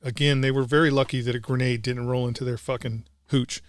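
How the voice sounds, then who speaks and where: A man's voice: medium pitch, little pitch movement, a little fast, dry recording. A middle-aged man, a combat veteran guest, telling a war story in blunt, profane casual talk.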